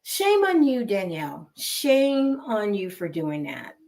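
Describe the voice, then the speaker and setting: A woman's voice: mid-range voice, huge pitch swings, takes it slowly, a little mellow. A woman with a West Coast American accent gives casual, emphatic gossip commentary and repeats words for effect. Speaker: gossip vlogger.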